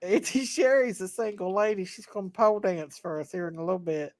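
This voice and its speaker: A woman's voice: mid-range voice, fairly quick, darkish tone. A woman hosting a casual livestream, teasing her friends and thanking viewers. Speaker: livestream host. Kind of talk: casual group livestream chat.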